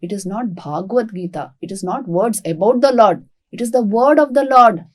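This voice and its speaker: A woman's voice: mid-range voice, moderate pace, close to an everyday voice. A woman voicing the devout wife of a poor priest, pleading earnestly with her husband in a retold story.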